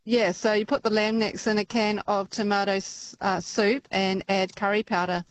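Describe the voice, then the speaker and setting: A woman's voice: mid-range voice, level tone, normal speed, poor audio. A woman with a New Zealand accent calling in to a radio show, cheerful and laughing often. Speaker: radio caller.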